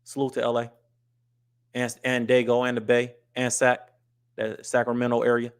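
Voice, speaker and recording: A blunt, straight-talking man from the US West Coast hosts a casual live stream. He has a middle-pitched voice and often stops to read viewer comments aloud. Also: monotone, normal speed, clear, resonant tone. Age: adult with wife and kids. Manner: blunt and scolding to chat, reads comments aloud. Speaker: livestream host.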